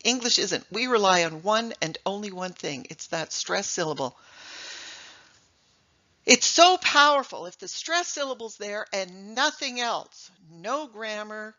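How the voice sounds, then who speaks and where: Middle-aged woman presenter, emphatic, quizzing the audience, bright tone, slightly muffled recording. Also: mid-range voice, a little slow. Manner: lively, emphatic, rhetorical questions. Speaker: speaker giving a talk on English.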